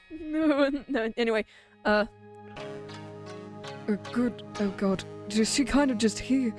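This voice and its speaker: A woman's voice: fairly high pitch, slow, pauses often, darkish tone, soft background music. A young British woman in her twenties, streaming a game, chatting casually and reading its dialogue aloud in voices. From Britain. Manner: chatty, joking, reads game lines in voices.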